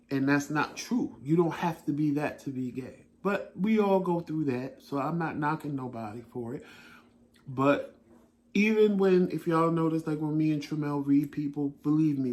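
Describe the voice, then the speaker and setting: A middle-aged man telling stories in a casual chat as a talk show co-host, lively and laughing, acting out what he said. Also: on the high side. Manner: animated, laughing storyteller who acts out his own quotes. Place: home living room.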